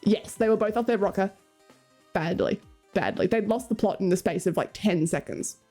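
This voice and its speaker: Speaking at a moderate pace in a warm, mid-range voice, this young Australian streamer talks casually with her audience. She reads their messages aloud, laughs a lot, and faint music plays in the background.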